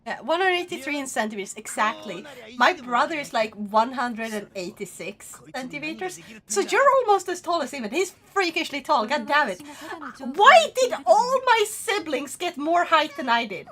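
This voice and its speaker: A young woman with a Swedish accent chatting on a live stream, excitable and swearing freely. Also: sits high, normal speed. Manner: excitable, swears freely, loud bursts of laughter. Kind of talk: casual live-stream chat.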